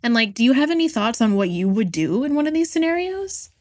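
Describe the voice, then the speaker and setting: A woman's voice: on the high side, big pitch swings, fast, darkish tone. A woman co-hosting a podcast, chatting casually with lots of fillers and asking her guest questions. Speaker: podcast co-host. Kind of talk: casual chat.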